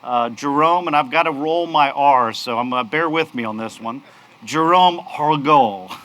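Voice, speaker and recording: Bright-voiced man giving a launch speech. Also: medium pitch, moderate pace, a little hiss or hum. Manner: upbeat, polished, with frequent uh fillers. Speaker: company executive speaking at a launch. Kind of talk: press conference speech. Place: outdoor launch event.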